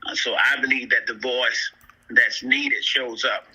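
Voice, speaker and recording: A man joining a talk show as a guest, speaking in a measured way, quoting scripture and stumbling on some words. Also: mid-range voice, steady tone, bright, forceful tone, breathy edge, rough recording. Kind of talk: casual chat.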